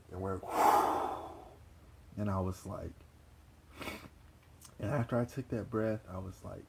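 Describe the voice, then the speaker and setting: A young man casually telling a personal story, animated and profane, repeating himself and laughing. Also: lowish voice, vocal fry, noisy background. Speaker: vlogger.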